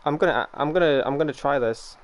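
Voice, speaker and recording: A man's voice: fairly high pitch, fast. A man live-streaming a game, chatting casually with his viewers, joking and swearing freely, often repeating words as he thinks.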